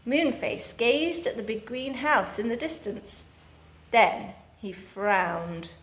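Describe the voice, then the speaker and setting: A woman reading a children's book aloud, steady and expressive. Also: fairly high pitch, slow, slight background noise. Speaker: storybook reader.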